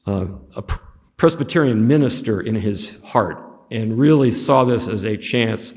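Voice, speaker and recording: A man giving a history lecture in a room with a long, ringing reverb. His voice sits at an ordinary middle pitch. He talks casually and drops joking asides between points. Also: a little mellow. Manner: conversational with humorous asides. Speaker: history teacher. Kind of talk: classroom lecture with slides.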